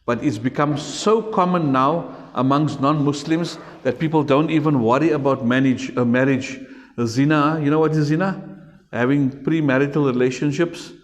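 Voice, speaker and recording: A man's voice: mid-range voice, big-room sound. A man with a South African accent teaching a religion class to children, emphatic and repetitive, speaking straight to his pupils. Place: school classroom.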